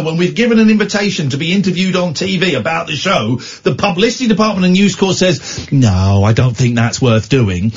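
Sardonic radio host, husky. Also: male voice, sits high, highs cut off. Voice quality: sardonic, teasing. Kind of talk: late-night radio phone-in banter. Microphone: studio microphone.

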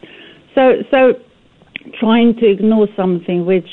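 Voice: mid-range voice, moderate pace. A radio caller phoning in, chatty and earnest, who laughs easily. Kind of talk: phone-in call to a radio show. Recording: phone line.

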